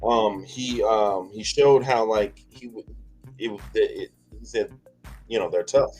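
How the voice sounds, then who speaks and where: A man hosting a casual livestream chat, rambling and halting, with many fillers and restarts. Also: lowish voice, a little mellow, faint music behind, poor audio. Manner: chuckles often between lines. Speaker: livestream host.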